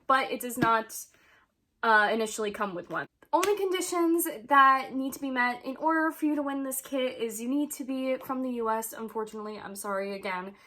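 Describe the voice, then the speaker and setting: A woman's voice: fairly high pitch, fairly bright tone, a little hiss or hum. A young woman chatting casually to her camera as a vlogger, rambling with many ums and frequent laughs.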